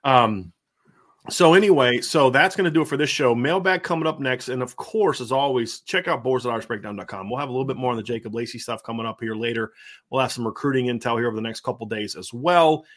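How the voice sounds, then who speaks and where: A man with a Southern American accent hosts a casual sports podcast. He talks fast and in an animated rush, full of fillers and quick restarts, at an ordinary middle pitch. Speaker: podcast host.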